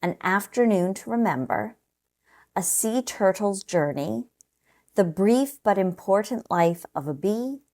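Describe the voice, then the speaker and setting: A woman narrating a scripted test-prep lesson in a slow, measured, explanatory way. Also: mid-range voice, lively intonation, a little mellow.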